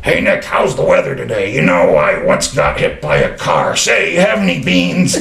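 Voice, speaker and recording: A man putting on a rough-voiced, forgetful, friendly man who sounds about to say something nasty and then says something kind. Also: fairly low pitch, wildly swooping pitch, normal speed, fairly bright tone, echoey room, voice pushed up, full character voice. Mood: gruff, friendly.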